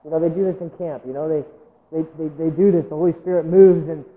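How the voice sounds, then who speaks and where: In a church sanctuary, a male pastor preaches a sermon in a fairly high, steady voice, talking fast. He tells a story, acts out quotes, and appeals directly to the congregation. The audio has a big-room sound and phone-like quality.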